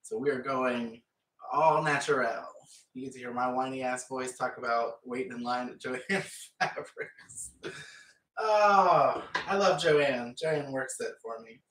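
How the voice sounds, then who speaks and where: A man's voice: mid-range voice, steady tone, unhurried, fairly bright tone. A man chatting casually and rambling as he paints, with frequent laughs. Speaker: painting vlogger. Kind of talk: casual chat while painting. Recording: echoey room, mic far off.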